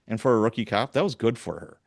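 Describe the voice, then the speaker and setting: Middle-aged ex-cop host: deep-ish voice, dry close mic, acts out every quote. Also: male voice, fast talker, creaky, no room sound. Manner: animated storyteller, acts out quoted dialogue. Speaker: podcast host, retired police sergeant. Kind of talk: casual storytelling interview.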